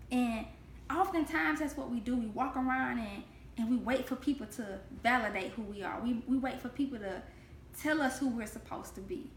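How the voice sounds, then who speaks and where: A woman's voice: fairly high pitch, slight background noise. A woman giving a spoken Christian devotional to camera, earnest and heartfelt, repeating phrases for emphasis. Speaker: devotional host. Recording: echoey room.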